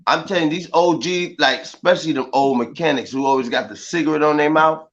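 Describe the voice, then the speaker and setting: High-voiced joking man, loud and profane. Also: quick pace. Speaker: panelist. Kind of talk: casual banter with friends. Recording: dull lo-fi recording.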